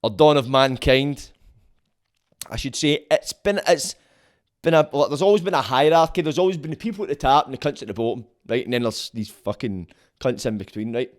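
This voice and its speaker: A man's voice: mid-range voice, lively intonation, a little fast. A man with a Glaswegian Scottish accent, hosting a podcast as a casual solo monologue, blunt, sweary and rambling. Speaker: podcast host.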